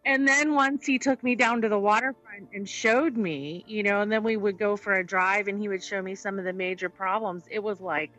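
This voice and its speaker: A woman telling an anecdote in an animated way, acting out quoted lines and often saying "you know". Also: medium pitch, normal speed, few pauses, dull audio, soft background music. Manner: animated, acts out quoted exchanges, says "you know" a lot. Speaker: interviewee. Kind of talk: anecdotal storytelling.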